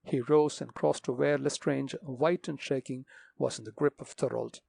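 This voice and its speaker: A man narrating a mystery audiobook in a measured, dramatic reading. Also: medium pitch, fairly even intonation, gravelly, dark tone, slightly rough, dry recording.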